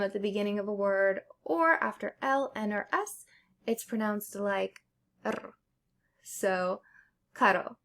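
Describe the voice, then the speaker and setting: Young female teacher, a bit high-pitched, slow and patient, walks through letter sounds with examples. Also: a bit bright. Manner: explains step by step with examples. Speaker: Spanish teacher. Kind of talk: casual pronunciation lesson.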